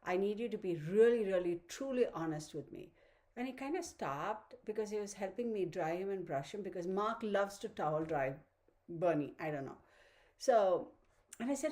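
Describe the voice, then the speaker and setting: Chatty woman host, casual, laughs easily, medium pitch. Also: expressive, a little fast, dark tone. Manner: chatty, laughs often, baby-talks to her dog. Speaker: tarot reader, channel host. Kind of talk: casual chat to viewers.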